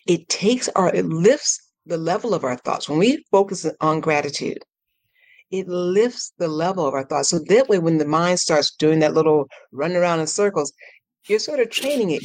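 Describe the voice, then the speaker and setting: A woman speaking as a guest on a podcast, her voice sitting a bit low and recorded dry and close. She talks with animated energy, breaks into laughter often, and jumps up into playful high tones when she acts out her own thoughts. Her speech is warm-hearted and encouraging. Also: no echo. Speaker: transformational coach, podcast guest. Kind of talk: casual podcast interview.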